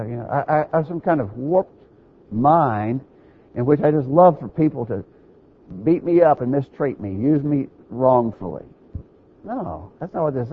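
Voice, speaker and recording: Husky-voiced man preaching a sermon. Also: a little high, dull audio. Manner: earnest teaching, quoting scripture, rhetorical "right?".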